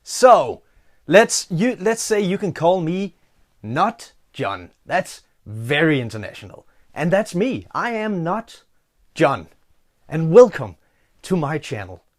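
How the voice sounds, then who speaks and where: A man's voice: on the high side, very animated, takes it slowly. A man from Denmark with a Danish accent, speaking English in a sarcastic, taunting commentary vlog. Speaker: YouTuber and hypnotist.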